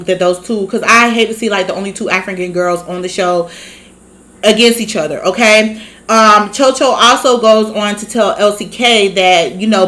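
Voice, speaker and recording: A woman's voice: mid-range voice, a bit bright. A woman recapping a reality TV episode in a sassy, gossipy, profane way, with laughs and side comments. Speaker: reality show recap host.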